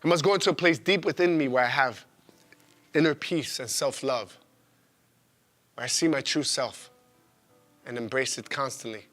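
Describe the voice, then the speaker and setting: A man's voice: mid-range voice, normal speed, pauses often, soft background music. Raw young man's spoken-word monologue. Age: 20s. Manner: raw, profane, swinging from loud outbursts to hushed confession.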